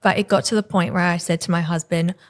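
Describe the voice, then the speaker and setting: A woman's voice: lowish voice, fairly even intonation, fast. A woman in her thirties with an Australian accent, a podcast guest telling a painful personal story and acting out the exchanges she quotes. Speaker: podcast guest, salon owner. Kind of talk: candid podcast conversation.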